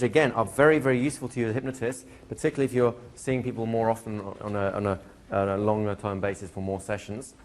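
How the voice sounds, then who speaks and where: A man teaching a hypnosis class to a live audience, talking in a relaxed way and slowing into soft hypnotic suggestions. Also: medium pitch, slight background noise. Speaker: hypnosis trainer. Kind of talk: live training lecture. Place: training room with a seated audience.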